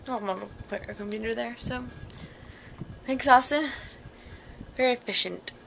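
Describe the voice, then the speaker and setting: A woman's voice: mid-range voice, fairly even intonation, quick pace, gravelly, a bit bright. Wry young woman over a noisy recording. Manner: wry, sarcastic. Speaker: vlogger. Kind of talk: casual vlog chat.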